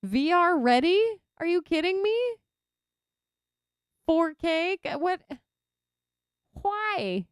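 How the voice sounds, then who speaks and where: A young Texan woman streaming a game and chatting casually, reacting loudly to her viewers. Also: very high-pitched, big pitch swings, slow pace, long pauses, no room sound, studio quality. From Texas. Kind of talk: casual chat while gaming.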